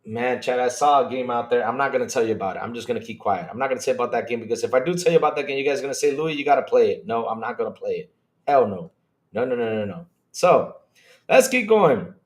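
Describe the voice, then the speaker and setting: A man hosting a casual gaming livestream, rambling in an animated way, reading chat and swearing when he gets worked up. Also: medium pitch, fast. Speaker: podcast host reading live chat.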